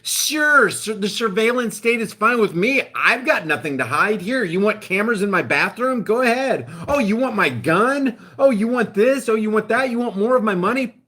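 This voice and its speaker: A man's voice: high-pitched, lively intonation, normal speed, hardly any pauses, bright, forceful tone, pitched above the performer's own voice, heavily acted. A man voicing a meek adult citizen who eagerly hands over everything, in a sarcastic, mocking tone.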